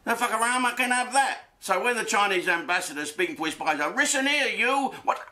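A man's voice: sits high, fairly even intonation, fast, bright, forceful tone. A man hosting a comedic rant from his home den, crude and rambling, swearing freely. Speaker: host.

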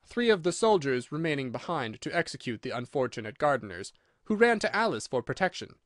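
A man reading a children's audiobook with an expressive, animated delivery. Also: on the high side, a little fast, no echo, clean studio sound. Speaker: audiobook narrator. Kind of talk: audiobook narration.

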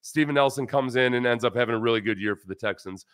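A former football player in his forties hosting a casual sports livestream, talking in animated, rambling bursts with restarts while reading chat comments aloud. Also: mid-range voice, fast talker, clean tone, no room sound, studio quality. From United States.

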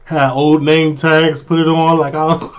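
A man's voice: on the high side, little pitch movement, unhurried, a crowd in the background. A man giving amused, wisecracking commentary while reacting to a video. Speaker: reaction streamer.

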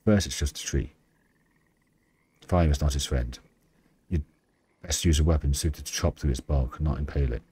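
A man's voice: rumbling low, moderate pace, long pauses, warm tone, breathy edge, full character voice. A man reading out the lines of a devoted, stubborn satyr knight from a game, in his own plain voice. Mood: earnest.

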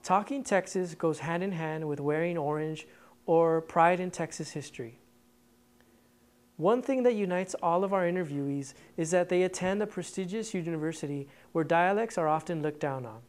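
A woman reading scripted documentary narration in an even, explanatory way. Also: on the low side, normal speed.

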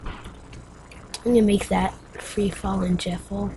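A woman's voice: medium pitch, fairly even intonation, takes it slowly, pauses often, mellow, slight background noise, rough recording. A woman giving let's play commentary, rambling and mocking herself, with sudden yelps and screams. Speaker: game player.

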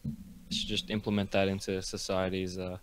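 A man's voice: deep voice, monotone, moderate pace, smooth, no echo. A young man with an Australian accent co-hosting a live stream, with dry, sarcastic banter. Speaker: co-host. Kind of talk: casual live-stream chat.

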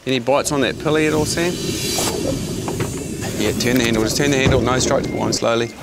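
A man's voice: medium pitch, brisk, very noisy. A man with a New Zealand accent hosting a fishing show, coaching anglers on a small boat outdoors in a laid-back, matey way. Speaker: fishing show host and skipper.

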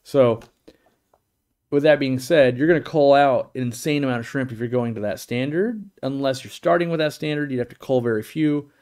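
A man's voice: mid-range voice, vocal fry, darkish tone. A middle-aged man hosting a live stream, answering viewer questions in a blunt, opinionated, rambling way with many restarts. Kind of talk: casual live Q&A chat.

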